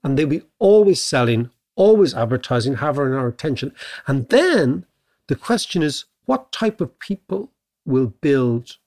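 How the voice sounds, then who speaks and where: A middle-aged Irish man co-hosting a podcast in casual chat. He muses aloud and keeps checking in with a quick "right?". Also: mid-range voice, big pitch swings, darkish tone. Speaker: podcast co-host.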